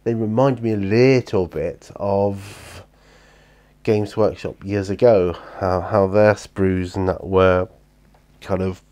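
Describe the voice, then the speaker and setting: A man's voice: low voice, steady tone, slow, dark tone. A tired British man chatting casually and rambling in his hobby room at home, with lots of fillers and restarts. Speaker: hobby vlogger. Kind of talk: casual chat.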